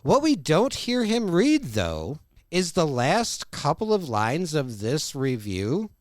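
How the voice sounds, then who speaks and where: A man's voice: a little high, huge pitch swings, takes it slowly, no room sound, clean studio sound. A man co-hosting a podcast, recapping an episode's plot and quoting its lines. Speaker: podcast co-host.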